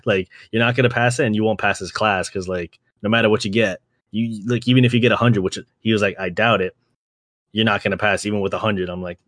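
A young man from Canada hosting a podcast, telling stories in a casual chat, swearing often and acting out quotes in a higher voice. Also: fairly even intonation, a little fast, a bit bright, no echo, studio quality. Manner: laid-back, swears a lot, acts out quotes with a jump in pitch. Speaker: podcast host.

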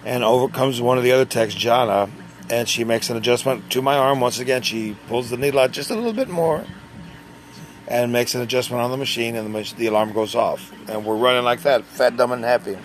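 A man telling a personal story in a casual, conversational way, pausing and restarting as he goes. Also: medium pitch, slight background noise. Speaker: dialysis patient.

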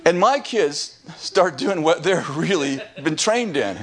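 A man who is a pastor, telling a lively story on a podcast, laughing often and restarting his sentences. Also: fairly high pitch, slow pace, noisy background.

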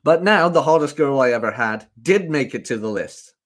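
A man's voice: expressive, moderate pace. A man co-hosting a podcast, chatting crudely and casually and laughing often. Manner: laughs often, puts on high voices when quoting women. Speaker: podcast co-host.

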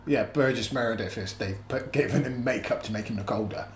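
A man's voice: on the low side, brisk, echoey room, slight background noise. A man co-hosting a casual podcast chat, animatedly retelling plots at length. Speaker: podcast co-host.

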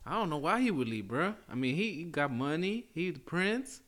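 A man's voice: on the high side, big pitch swings, normal speed, a bit bright. A male host running a casual comedy interview, teasing his guests in slangy talk. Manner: slangy and teasing, says "bruh" and "bro".

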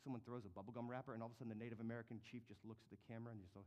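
A man preaching a sermon as pastor, telling stories with lively comic flair. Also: mid-range voice, very fast, in a large hall. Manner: animated, comic storytelling.

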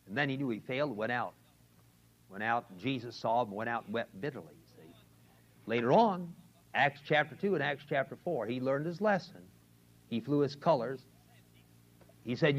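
A man's voice: mid-range voice, animated, moderate pace. An older man preaching a sermon to a men's class, emphatic and repetitive, often asking his listeners "see?". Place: college classroom. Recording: lo-fi 1970s tape recording.

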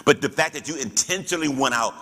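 A man's voice: medium pitch, lively intonation, quick pace, fairly bright tone, long reverb tail. A man teaching as a pastor in church, preaching with rhetorical questions and call-and-response.

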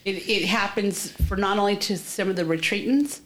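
A woman who volunteers on retreats, telling stories in an animated, casual way. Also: mid-range voice, normal speed. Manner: animated, lively retelling. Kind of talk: casual storytelling. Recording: echoey room.

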